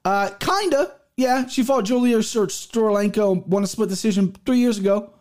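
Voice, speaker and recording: A man's voice: high voice, moderate pace, darkish tone. A young man giving casual MMA betting picks, profane and rambling, with many restarts. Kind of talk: casual solo picks show.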